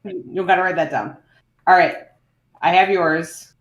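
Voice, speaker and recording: A woman's voice: lowish voice, moderate pace, dull audio. A woman co-hosting a stream, teasing her co-host dryly in casual chat. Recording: echoey room.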